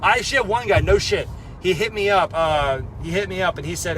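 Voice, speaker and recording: A man's voice: high voice, brisk, fairly bright tone, a little hiss or hum. A young man vlogging casually about crypto trading, blunt and profane, rambling with lots of fillers. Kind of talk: casual talk to camera.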